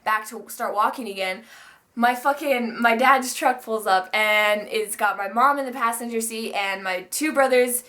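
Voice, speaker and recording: A woman's voice: on the high side, moderate pace, pushed and bright. A young woman vlogger telling a personal story in a chatty, rambling way, full of fillers and frequent swearing. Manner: chatty, swears often, many likes and restarts. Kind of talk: casual storytime monologue.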